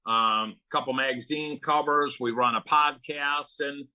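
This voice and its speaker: Bright-voiced man telling his story. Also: mid-range voice, fairly even intonation, low-quality recording. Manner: earnest, storytelling, quick bursts of emphasis. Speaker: guest, recovery advocate and speaker. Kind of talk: conversational interview.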